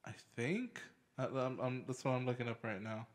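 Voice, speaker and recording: A man's voice: mid-range voice, normal speed, long reverb tail. A man co-hosting a wrestling podcast, chatting loosely, swearing often and laughing a lot. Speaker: podcast co-host. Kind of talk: casual chat.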